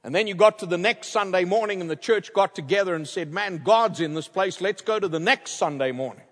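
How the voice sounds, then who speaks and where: A man preaching a storytelling sermon as a guest speaker, wearing a headset mic and swinging from loud to hushed. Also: high-pitched, fairly quick. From outside the United States. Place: large church. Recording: long reverb of a large church.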